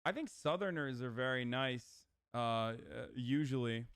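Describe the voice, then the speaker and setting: Profane ranting male streamer, crisp voice. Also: medium pitch, lively intonation, moderate pace, a bit bright, no echo, clean studio sound. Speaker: livestreamer. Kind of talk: casual reaction commentary.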